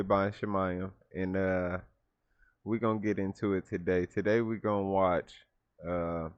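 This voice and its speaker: A man hosting a reaction video, talking in a casual, animated and incredulous way. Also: low voice, no room sound, muffled recording. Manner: animated, incredulous, laughs often. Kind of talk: casual commentary reacting to a clip.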